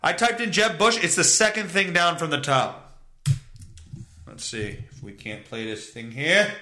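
A man's voice: on the high side, unhurried, sharp tone. A man hosting a solo podcast, ranting in a sarcastic, profane way. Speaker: podcast host. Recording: roomy echo.

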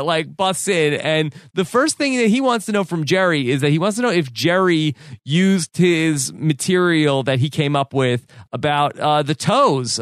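This podcast co-host is a man whose voice runs a little high. He chats casually through a story, stumbling into fillers and restarts often, captured in a dry, clean studio recording.

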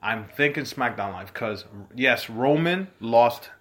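A man co-hosting a laid-back podcast, chatting eagerly with a friend. He keeps the talk loose and excitable, a few drinks in. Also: mid-range voice, slow. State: drinking shots. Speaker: podcast co-host. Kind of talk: casual chat.

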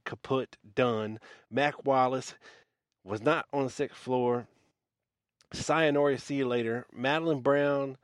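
In studio-quality audio with no room sound, a man with a mid-range voice hosts his podcast by launching into a contemptuous, no-holds-barred rant loaded with swearing.

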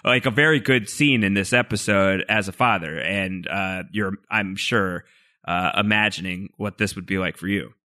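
A man's voice: sits low, normal speed, sharp tone. A man co-hosting a podcast, playful and teasing, then speaking earnestly about a TV scene. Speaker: podcast co-host. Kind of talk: casual discussion of a TV show.

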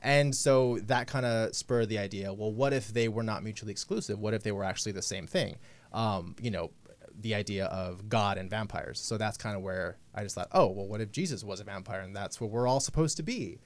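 Male author guest, lively chatty storyteller, studio radio. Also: fairly low pitch, brisk. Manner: chatty, animated, quotes his own thoughts. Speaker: novelist guest. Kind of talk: casual talk-show chat.

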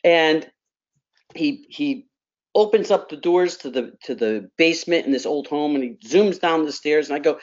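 A middle-aged woman on a radio talk panel telling a family story with animated delivery, repeating words and acting out quotes. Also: sits low, moderate pace, highs cut off. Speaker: panel guest.

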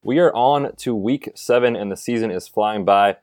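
A man's voice: on the low side, normal speed, darkish tone, no echo. A man co-hosting a fantasy football podcast, chatting casually in an upbeat, conversational way. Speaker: podcast co-host. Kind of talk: casual sports chat.

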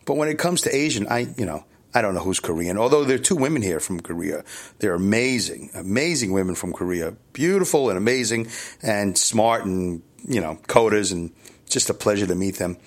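Speaking briskly in a lowish, expressive voice, a middle-aged Brooklyn man from New York City delivers a casual solo podcast monologue. He rambles loosely and candidly, chuckling and correcting himself along the way.

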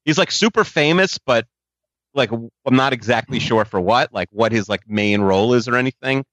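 A man's voice: mid-range voice, moderate pace, fairly bright tone, no room sound. A man chatting casually on a podcast, opinionated and emphatic. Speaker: podcast co-host. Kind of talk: casual chat.

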